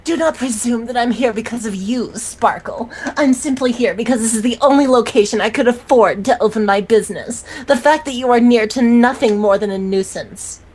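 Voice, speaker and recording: A woman's voice: a little high, moderate pace, few pauses, a little mellow, breathy edge. A woman voicing a haughty, boastful female unicorn shopkeeper in a fan story reading, talking down to everyone. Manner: grandiose, condescending.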